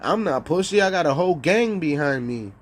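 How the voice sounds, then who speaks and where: A man parodying a young male gang member who insists he isn't scared and boasts about his crew. The voice is a bit high and defensive. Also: lively intonation, brisk, natural voice. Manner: defensive, bragging.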